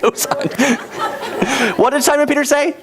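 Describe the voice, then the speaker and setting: Over a loud crowd and heavy background noise, a man with a very high voice speaks at normal speed into a handheld microphone. This youth teacher directs volunteers in a skit during a playful Bible lesson, laughing and full of energy.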